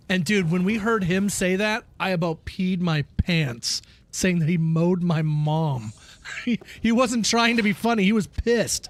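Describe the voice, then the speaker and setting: Man, high voice, casual streamer chat, laughing storyteller, swears freely. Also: moderate pace, no room sound. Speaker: game streamer.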